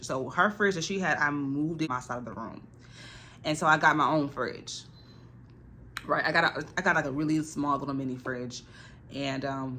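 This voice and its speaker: A young woman tells a casual storytime in an animated, dramatic way, acting out what people said. Her voice is bright and forward, and she keeps dropping "like" into her sentences. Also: low voice, a little hiss or hum. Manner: animated, dramatic retelling with acted quotes and frequent "like". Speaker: vlogger.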